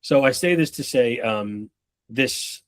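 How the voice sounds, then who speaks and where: Casting: male sales coach in his thirties, mid-range pitch, loose and profane, slips into quick impressions. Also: animated. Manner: loose and profane, acts out customers and reps in quick bits. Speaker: sales trainer. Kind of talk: casual spoken sales training talk.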